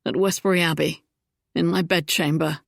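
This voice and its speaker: A woman's voice: on the low side, fairly even intonation, normal speed, creaky, no room sound, clean studio sound. A woman voicing a charming, roguish young Regency duke in an audiobook, speaking wryly and then earnestly. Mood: teasing.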